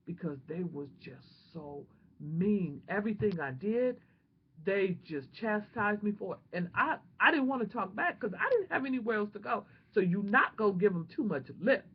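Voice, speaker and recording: A woman vlogger shares a personal testimony with animated, emotional, prayerful delivery. Her voice is husky and medium-pitched at a normal speed, captured on a dull lo-fi home recording.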